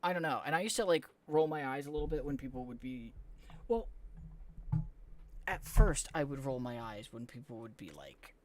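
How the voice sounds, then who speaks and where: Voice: medium pitch, very animated, normal speed, slight background noise. A young adult streamer chatting casually during a game stream, rambling with lots of "like" and blunt swearing. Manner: rambling, heavy use of "like", frank swearing.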